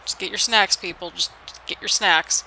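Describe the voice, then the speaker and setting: Bright crisp voice calling a wrestling game on a headset, kept low and quiet since it's late at night. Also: fairly even intonation, moderate pace, a little hiss or hum, low-quality recording. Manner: keeps the voice low and hushed for late-night recording; hype play-by-play with frequent "people" call-outs. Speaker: YouTuber doing play-by-play of a wrestling video game. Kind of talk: solo game commentary in a wrestling announcer manner.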